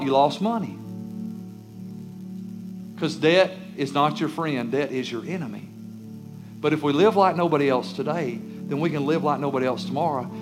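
A man preaching a sermon as a pastor, emphatic, sometimes acting out the pleading voices of churchgoers and children. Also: a little high. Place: church sanctuary.

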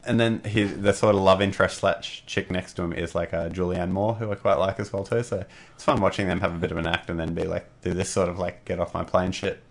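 A man's voice: sits low, steady tone, quick pace. A man co-hosting a podcast, chatting in a rambling, profane, laid-back way. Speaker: podcast co-host. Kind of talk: casual chat.

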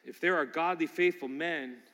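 A man preaching a sermon, emphatic and swinging from loud declarations to hushed appeals. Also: on the high side, normal speed, long reverb tail.

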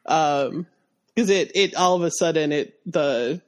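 A congested woman co-hosting a casual podcast about a short story, talking on a close boom mic with a slight lisp and many laughs. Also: unhurried. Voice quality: slight lisp, spitty sibilants. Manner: chatty, laughs often, many restarts. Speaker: podcast co-host. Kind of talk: casual book discussion.

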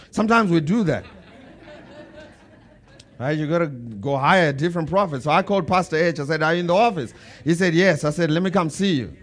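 Animated preaching man, higher-pitched voice. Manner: storytelling, builds to emphatic bursts. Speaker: pastor. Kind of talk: sermon.

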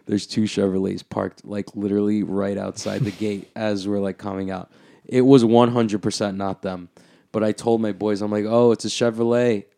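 A man's voice: lowish voice, creaky, dark tone. A young man on a podcast, telling a story in casual chat, rambling and swearing a lot and saying "like" constantly. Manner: rambling, profane, full of "like".

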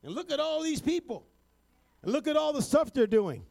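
A man preaching a sermon, building to shouted, rhythmic refrains and sprinkling his lines with "amen" and "uh". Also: extremely high pitch, big pitch swings, moderate pace, creaky.

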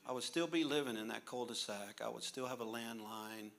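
A man's voice: medium pitch, fairly quick, vocal fry, fairly bright tone. A male pastor preaching a sermon with humorous stories, jokey and laughing through his lines.

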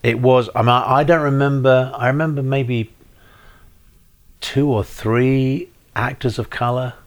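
A middle-aged man with a neutral British accent, speaking at an ordinary middle pitch. He talks casually and hesitantly, restarting phrases, with a dry understated manner. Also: fairly even intonation, unhurried. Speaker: actor, guest. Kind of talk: casual chat.

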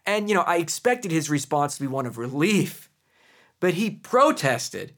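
A man in his thirties hosting a podcast, reading scripture and telling personal stories in an earnest, measured sermon style. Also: a little high, big pitch swings. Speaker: podcast host and Bible teacher.

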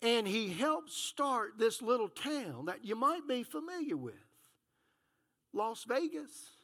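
High bright-voiced male pastor preaching. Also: takes it slowly. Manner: animated storyteller, acts out dialogue. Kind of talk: sermon with storytelling.

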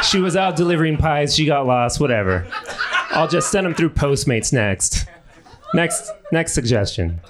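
Crude, rambling male stand-up comic. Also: fairly high pitch. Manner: crude, rambling, laughs at his own jokes. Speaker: stand-up comedian. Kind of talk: improvised stand-up riffing on audience suggestions. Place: comedy club stage. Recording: noisy live club recording.

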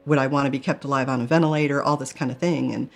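A woman's voice: extremely low pitch, fairly even intonation, rapid-fire, soft background music. A middle-aged woman candidly telling a personal story in a testimony style, earnest with flashes of self-mocking humor. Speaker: guest telling a near-death experience.

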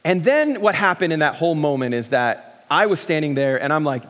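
A middle-aged pastor preaching a sermon in a relaxed, joking way, with many restarts and fillers. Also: male voice, fairly high pitch, fairly quick, in a large hall.

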